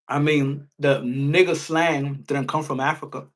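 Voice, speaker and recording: A man's voice: on the high side, fairly even intonation, a little slow, hardly any pauses. A man hosting a boxing live stream, talking animatedly and crudely and slipping into mocking impressions.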